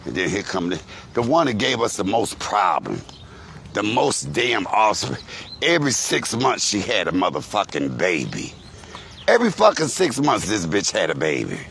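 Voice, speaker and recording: Gravelly man ranting and cursing. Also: fairly low pitch, moderate pace, a little hiss or hum. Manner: animated, cursing, insulting storytelling. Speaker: vlogger. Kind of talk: profane ranting monologue. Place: outdoors, walking to a grocery store.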